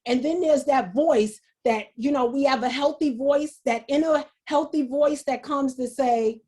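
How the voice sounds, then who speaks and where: Slow high-voiced woman giving a motivational talk. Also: dark tone. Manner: repetitive, halting, earnest. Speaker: speaker. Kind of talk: motivational talk on a video call. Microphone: video call.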